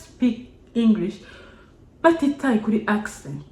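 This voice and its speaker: Brief: woman, mid-pitched, pep-talk vlog, echoey room. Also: measured pace, a little mellow. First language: Kinyarwanda. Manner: encouraging, repeats short exhortations. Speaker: vlogger. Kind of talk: casual motivational talk to camera. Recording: roomy echo.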